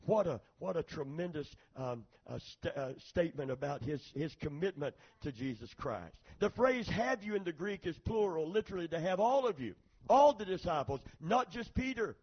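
Man, preacher, sermon, high voice, husky, calls for amens, muffled lo-fi recording. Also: lively intonation, moderate pace. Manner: calls for amens, retells scripture with acted quotes.

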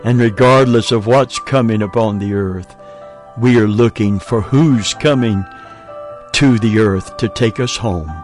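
A man preaching a sermon as the show's host, in slow, emphatic, broken-up phrases. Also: fairly low pitch, a little mellow, soft background music.

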